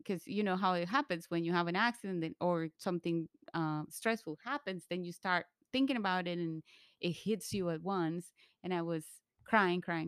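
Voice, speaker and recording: A woman from Colombia telling a candid personal story in conversation, lively when she quotes others. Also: on the low side, clean tone, dry recording, studio quality.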